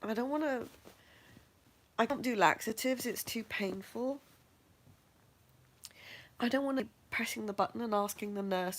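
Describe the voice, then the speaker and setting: A woman's voice: fairly high pitch, moderate pace, long pauses. A middle-aged woman candidly telling her own medical story, frank and matter-of-fact, often laughing at herself. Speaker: vlogger sharing her health journey.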